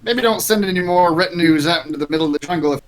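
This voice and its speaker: A man playing a tabletop game who tosses in wry, joking remarks. His voice sits a bit higher than most men's. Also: very fast. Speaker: player.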